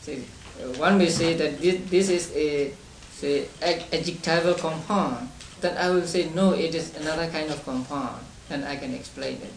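A man leading a study class on meditation texts, explaining slowly and step by step with frequent restarts and soft chuckles. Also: fairly high pitch, creaky. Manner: chuckles between points. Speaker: Buddhist meditation teacher. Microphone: distant room mic. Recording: roomy distant amateur recording with hiss.

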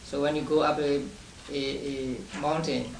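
A man's voice: a little high, flat delivery, gravelly. Man teaching from far off in a room. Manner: unhurried, explains step by step with many restarts; chuckles between points. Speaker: Buddhist meditation teacher. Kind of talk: study class lecture. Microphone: distant room mic. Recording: roomy distant amateur recording with hiss.

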